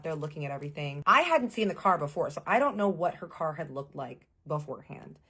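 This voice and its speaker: A woman with a low, husky voice tells a casual storytime straight to her viewers. She is animated and swears freely. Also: fast, hardly any pauses. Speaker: vlogger.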